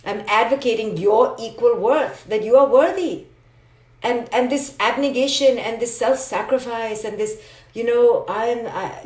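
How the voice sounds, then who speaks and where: Woman, motivational talk, emphatic, fairly high voice, roomy echo. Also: unhurried, darkish tone. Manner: emphatic, repetitive, direct address with acted asides. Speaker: clinical psychologist giving a motivational talk. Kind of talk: live-streamed motivational talk.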